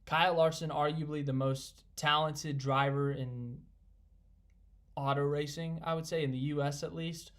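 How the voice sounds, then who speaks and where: Excitable young man hosting a live stream. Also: on the high side, normal speed. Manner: rambling, excitable, reads viewer comments aloud. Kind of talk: casual live stream chat.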